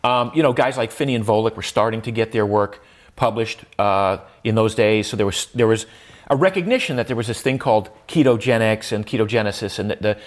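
This older male interview guest has a lowish voice and a fairly quick delivery. His talk is reflective and conversational, full of false starts and filler words, with his pitch rising on points he wants to emphasize.

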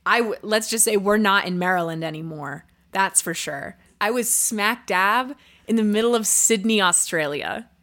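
A gushing Australia fan, played by a woman, swoops up into breathless excitement. She is bubbly and over-dramatic and talks in fast bursts. It is an improvised comedy sketch. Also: medium pitch, natural voice.

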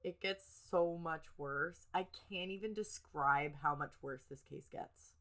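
A woman's voice: low voice, a little slow, fairly bright tone. A congested woman co-hosting a podcast, going through the details of a true-crime case in casual chat. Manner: narrating case details from notes. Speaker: podcast co-host.

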